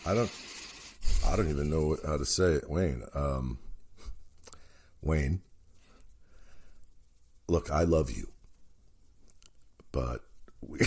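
A man co-hosting a comedy podcast, telling stories in a loud, playful, profane way. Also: very deep voice, slow, long pauses, breathy edge. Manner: animated, profane, playful storytelling. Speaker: podcast co-host. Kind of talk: casual comedic chat.

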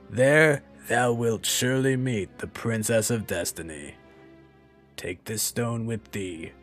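A man voicing an ancient, dying guardian tree, reading the game dialogue in a slow, grave old-man manner. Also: on the low side, a bit bright.

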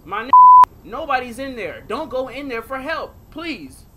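A man's voice: very high voice, big pitch swings, unhurried, heavy background noise. A man doing horror game commentary as a gaming video creator, jumpy and talking to viewers, yelping and swearing at the scares.

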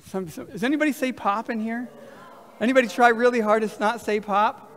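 High-voiced preacher in a reverberant hall. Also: male voice, fairly quick. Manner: lively, talks with the congregation. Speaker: pastor. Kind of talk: sermon. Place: large church hall.

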